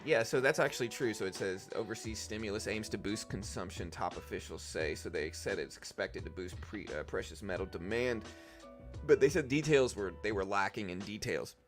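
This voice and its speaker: A man hosting a live trading stream, talking quickly and casually, thinking aloud with slang like dude and bro, on a desk microphone. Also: lowish voice, soft background music.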